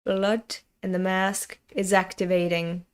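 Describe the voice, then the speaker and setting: A woman's voice: mid-range voice, flat delivery, slow, clear, resonant tone. A woman reading a comic aloud in a chatty, casual way, laughing and swearing as she goes. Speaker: comic reader.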